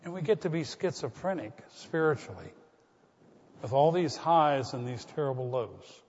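A man preaching a sermon as pastor, dropping to hushed tones and rising to loud calls. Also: fairly high pitch, animated, moderate pace. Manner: dramatic shifts from hushed to loud. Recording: muffled sound with long hall reverb.

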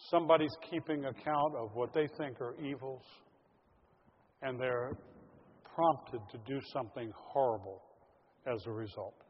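Pastor preaching in an echoing hall. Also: male voice, mid-range voice. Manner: earnest, addresses congregation as folks. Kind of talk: sermon. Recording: lo-fi audio in a large reverberant hall.

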